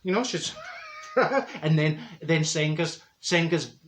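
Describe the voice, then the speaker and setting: A man's voice: a little high, expressive, slow, a little hiss or hum. A man playing a brash, chatty woman from Glasgow with a Glaswegian accent, telling a comic story with lots of stumbles and repeated words. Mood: gossipy. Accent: Glaswegian Scottish. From Glasgow, Scotland. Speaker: comedy character. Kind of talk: comic monologue. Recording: roomy echo.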